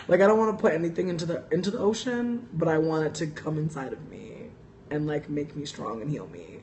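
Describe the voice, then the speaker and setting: There's slight background noise as a young woman with a deep voice hosts a casual livestream. Reading viewer comments, she tells animated, profane stories full of "like" and laughter.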